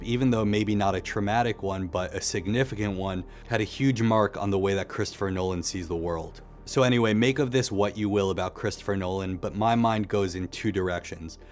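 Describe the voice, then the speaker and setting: Low-voiced man musing about films. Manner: conversational, reflective, with casual fillers. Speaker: video essayist. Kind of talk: casual film commentary.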